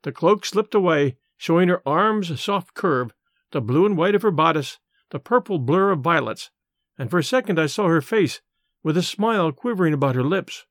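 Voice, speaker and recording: A man narrating an audiobook in a measured, expressive way. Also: fairly high pitch, no room sound, studio quality.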